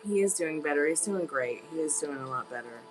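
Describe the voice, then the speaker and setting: A woman's voice: low-pitched, expressive, fairly quick, faint music behind, low-quality recording. A woman hosting a live tarot stream, telling a rambling story in a chatty, casual way. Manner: chatty, rambling, with filler words. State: on a crutch.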